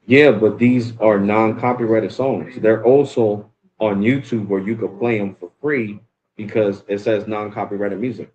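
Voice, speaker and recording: A man with a fairly low voice talks in loose, rambling casual chat and gropes for words mid-sentence. The recording sounds dull and lo-fi, with faint noise underneath. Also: steady tone, unhurried, darkish tone. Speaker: host talking with an AI assistant.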